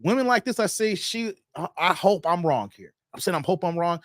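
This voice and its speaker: A fairly high-pitched man hosts a casual livestream. He talks straight to his viewers in an animated way, chuckles often and reads the chat aloud. The sound is close and dry, with no room echo. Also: brisk. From Chicago. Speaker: livestream host.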